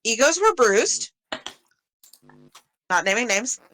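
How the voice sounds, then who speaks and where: A woman running a tabletop game recaps the last session, taking her time. Her voice is bright and clear, and she laughs easily between lines. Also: on the high side, sing-song, slow, a little hiss or hum, low-quality recording. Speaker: game master.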